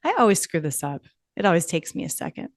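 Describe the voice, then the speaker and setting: A woman hosting a podcast in casual chat, animated and chatty, laughing as she tells stories. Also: lowish voice, fast, gravelly, no echo, studio quality. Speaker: podcast host.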